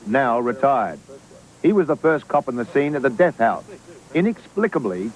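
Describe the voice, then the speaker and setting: A man's voice: mid-range voice, poor audio. A man narrating a TV investigative report in a scripted, dramatic, emphatic way.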